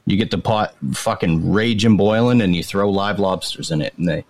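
A man's voice: low-pitched, normal speed, darkish tone, dry recording. A man with a Maine accent hosting a casual chat, laid-back and explaining things, swearing casually.

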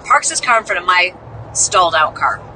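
A woman's voice: lowish voice, sing-song, moderate pace, noisy background. A woman from the Midwest, a podcast host, telling a story in a casual, chatty, self-mocking way and acting out the people she quotes.

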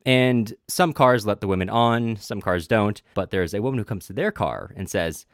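A man with a very low voice talks through a story in a casual book podcast, pausing often on "uh" as he works through it. He reads quoted passages aloud. The sound is dry and close, with no room around it. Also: dry recording. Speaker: podcast co-host.

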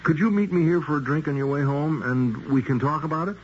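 A man's voice: a little high, fast, slight background noise. An actor playing a nervous, ingratiating man on one side of a phone call who fumbles and hesitates, in a 1970s radio drama. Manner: fumbling, over-eager, full of hesitations. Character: nervous, ingratiating man calling an old acquaintance. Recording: dull lo-fi 1970s radio recording.

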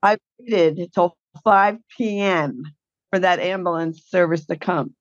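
A woman's voice: lowish voice, unhurried, no room sound, lo-fi sound. A woman guest telling her caregiving story in a blunt, indignant way. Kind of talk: emotional personal account.

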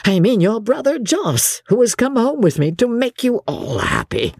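A woman voicing a shy, devoted middle-aged officer who speaks haltingly and earnestly. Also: on the high side, sing-song, a little mellow, slightly rough, dry recording, clean studio sound, pitched above the performer's own voice, heavily acted.

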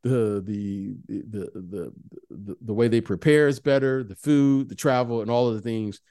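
A man's voice: fairly low pitch, normal speed, warm tone, dry recording, clean studio sound. A middle-aged man and former pro basketball player co-hosting a casual sports chat, who keeps addressing his co-host by name and stammers through restarts, chuckling.

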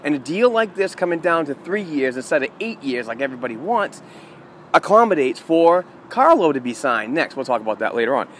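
Confident explaining man, higher voice. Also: big pitch swings, brisk, slight background noise. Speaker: co-host of a hockey talk show. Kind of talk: casual analytical chat.

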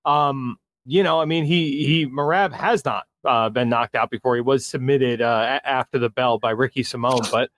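A man co-hosting a podcast, relaxed and hesitant in casual chat. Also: mid-range voice, normal speed, few pauses. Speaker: podcast co-host.

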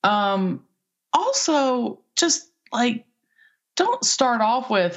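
Woman talent agent, chatty rambling storyteller, gravelly voice, dull lo-fi recording. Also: a little high, big pitch swings, very slow. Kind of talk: casual podcast interview.

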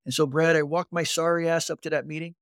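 Man in his fifties, a guest telling a lively story, voice sits a bit high, close and dry sound. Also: quick pace, clean tone, no room sound. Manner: animated storyteller who acts out quoted voices and keeps addressing the host. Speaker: guest recounting his recovery. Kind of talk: conversational storytelling interview.

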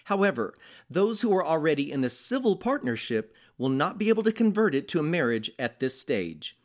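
A male news anchor reading scripted headlines in a steady, measured way. His voice sits a little high for a man and moves up and down a lot as he reads. He keeps an even, practiced pace through each story.

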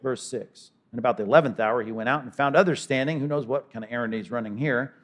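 A man's voice: mid-range voice, quick pace. A man preaching an expository sermon as a pastor, talking conversationally and slipping into characters' voices. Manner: animated, acts out characters in conversational asides.

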